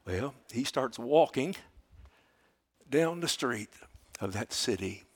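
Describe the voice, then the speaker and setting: Folksy older preacher. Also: male voice, medium pitch, expressive, takes it slowly. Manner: folksy storytelling, swinging from hushed to loud. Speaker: pastor. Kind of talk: sermon.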